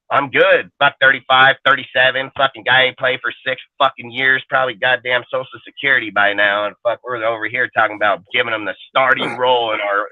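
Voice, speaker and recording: A man's voice: mid-range voice, no room sound. A man co-hosting a sports fan roundtable, ranting emphatically and swearing constantly. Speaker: podcast co-host. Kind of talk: heated fan roundtable talk. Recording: narrow phone-like dry sound.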